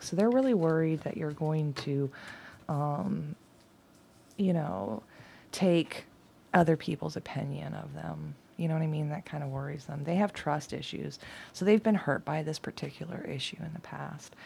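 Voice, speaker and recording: A middle-aged woman reading tarot and oracle cards in a rambling, chatty way, laughing often and at times dropping to a soft whisper. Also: low voice, moderate pace, vocal fry, slightly rough. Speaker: tarot and oracle card reader. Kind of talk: casual card-reading chat.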